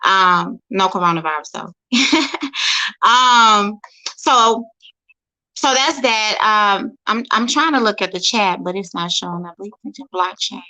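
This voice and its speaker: A woman from St. Louis talks in a bright, clear voice at a middling pitch. She speaks casually into her phone, pausing often with fillers and starting sentences over. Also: animated, low-quality recording. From St. Louis, USA. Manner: halting, lots of fillers and restarts. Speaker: guest speaker. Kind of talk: casual livestream talk.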